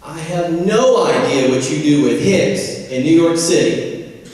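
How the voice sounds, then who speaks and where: A man's voice: fairly high pitch, lively intonation, measured pace, a little mellow. A man doing a plucky teenage farm boy with a bold, cheeky answer. It sounds like his own voice, heard from far off in a very echoey hall. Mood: defiant.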